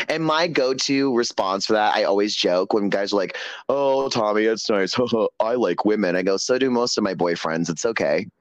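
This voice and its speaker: A man guesting on an interview show, telling stories in a sassy, animated way with lots of quoted dialogue. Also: lowish voice, no echo, highs cut off. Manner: sassy storytelling, animated quoting. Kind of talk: casual chat.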